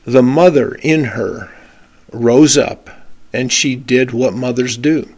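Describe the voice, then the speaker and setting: Scratchy-voiced pastor with a cold. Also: male voice, medium pitch, gravelly. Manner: slow, measured, reflective delivery. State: hoarse from a cold. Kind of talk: short devotional talk with prayer.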